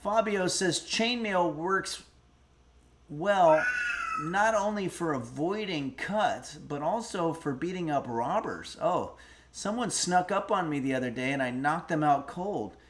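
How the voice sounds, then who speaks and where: A man's voice: a little high, expressive, unhurried, slight background noise. A middle-aged man hosting a livestream, musing aloud in a rambling, casual way as he reads donations and a recipe. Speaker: streamer host.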